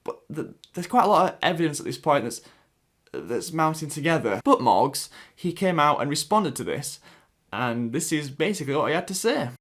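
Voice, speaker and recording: A man's voice: on the high side, big pitch swings, normal speed, a bit bright. A man with a Sheffield accent giving casual commentary, hesitant with many restarts. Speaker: YouTube commentator.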